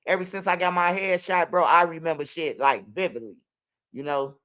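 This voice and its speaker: A man's voice: on the high side, steady tone, normal speed, bright, forceful tone, clear, resonant tone, highs cut off. A young man with a Chicago accent telling street stories in loose, profane casual talk. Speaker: interviewee. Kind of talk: casual storytelling.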